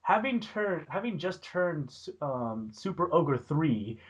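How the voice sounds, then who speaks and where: A man's voice: fairly high pitch, sing-song, slow, background noise. A young man co-hosting a casual podcast over a voice call, reading crude internet stories aloud and breaking into giggles. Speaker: podcast co-host.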